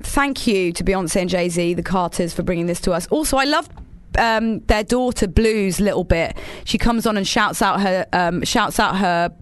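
A woman's voice: mid-range voice, moderate pace, slight background noise. A woman hosting a radio show, chatting in an enthusiastic, rambling way from the studio. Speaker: radio host. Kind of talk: casual radio chat.

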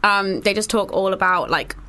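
A woman's voice: medium pitch, moderate pace, sharp tone. Woman, radio host, casual chat, giggly, rambling with fillers. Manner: chatty, giggly, lots of fillers. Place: radio studio.

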